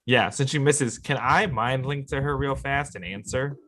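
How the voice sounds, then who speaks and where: A man's voice: mid-range voice, normal speed, a bit bright. A man playing a tabletop game who jokes around. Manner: joking, quoting lines. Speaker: player. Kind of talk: casual tabletop play.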